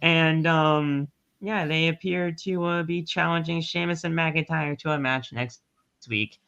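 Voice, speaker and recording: A man's voice: on the high side, steady tone, a little slow, gravelly, bright, forceful tone, smooth. A man co-hosting a podcast in casual chat, laid-back, swearing and laughing often. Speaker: podcast co-host. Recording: dull lo-fi sound.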